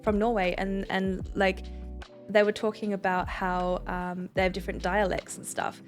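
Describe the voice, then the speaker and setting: A young woman co-hosts a casual podcast, talking in a chatty, rambling way full of fillers and restarts. Her voice sits at an ordinary middle pitch. Faint music plays in the background. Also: monotone, normal speed. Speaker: podcast co-host. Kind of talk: casual chat.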